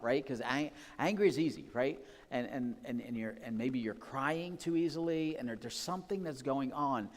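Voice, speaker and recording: Pastor, man, chatty sermon delivery, church hall with long reverb. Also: mid-range voice. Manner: conversational, personal and full of asides. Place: church sanctuary.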